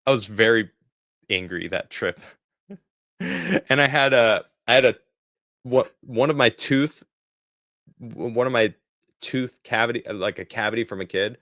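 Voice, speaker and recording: A man's voice: mid-range voice, a little slow, pauses often, a bit bright, no echo. Man, 40s, casual livestream chatter, rambling, dry close sound. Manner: rambling, laughing, talks back to chat. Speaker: streamer reading viewer chat.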